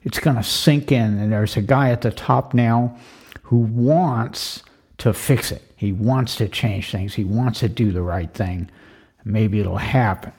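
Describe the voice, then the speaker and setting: Older man, husky and tearful, voice cracking through an impassioned, repeating rant. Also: on the low side, unhurried, darkish tone. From United States. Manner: impassioned, ranting, repetitive. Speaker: retired vlogger. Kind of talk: emotional monologue.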